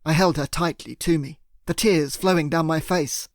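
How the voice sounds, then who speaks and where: A man narrating a first-person thriller audiobook in a steady, earnest way. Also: on the high side, normal speed, no echo, studio quality.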